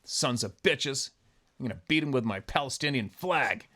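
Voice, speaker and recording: A man's voice: mid-range voice, animated, normal speed, bright, forceful tone. A man putting on the voice of an angry male protester in a sneering, whiny mockery. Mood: mock fury.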